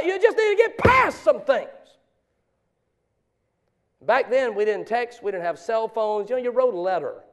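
A middle-aged man preaching from the pulpit, his voice pitched high. He tells his story in low, hushed tones, then builds into loud, impassioned calls to the congregation. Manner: swings from quiet confessional storytelling to loud preaching. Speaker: pastor. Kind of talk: sermon.

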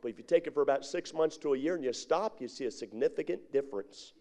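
A man's voice: fairly high pitch, fast, warm tone. A middle-aged man preaching a sermon as pastor, drawing his congregation in with call-and-response questions.

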